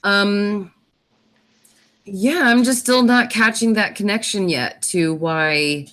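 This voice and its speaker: A woman's voice: mid-range voice, slow, a bit bright. A woman hosting a casual episode review, recapping the plot with many fillers and self-corrections. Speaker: host.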